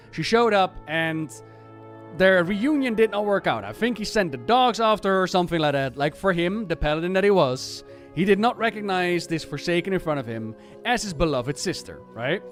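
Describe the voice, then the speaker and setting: A man streamer chatting casually about game lore in an animated, ranting and profane way. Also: high-pitched.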